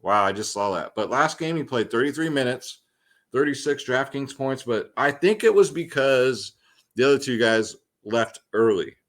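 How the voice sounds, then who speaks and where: A man's voice: medium pitch, animated, normal speed. Man, young adult, fantasy sports host, casual slang, chatty asides, mid-range voice. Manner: loose, slangy, chatty with many ums and asides. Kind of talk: casual slangy picks breakdown.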